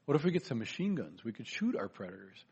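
A man's voice: mid-range voice, very animated, fast talker, creaky, a little mellow, slightly rough, highs cut off, voice pushed down, full character voice. A man voicing an eager male dinosaur with wild ideas in a told joke, fumbling his words.

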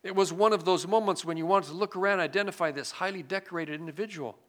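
A man delivering a sermon in a bright, somewhat high voice. He reads passages aloud and then comments on them. He moves between strong emphasis and quiet, dropped-down asides. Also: fast talker. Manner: expressive, swings between loud emphasis and hushed asides. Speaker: preacher. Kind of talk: sermon with scripture reading.

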